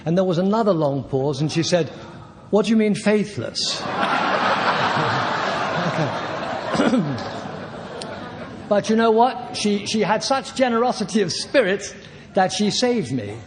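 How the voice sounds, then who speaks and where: A man's voice: sits high, big pitch swings, slow pace, long pauses, crowd noise. A man in his sixties giving a recovery talk at a convention, rambling and self-deprecating with many hesitations. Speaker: AA speaker. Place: large convention hall. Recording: reverberant hall with faint room noise.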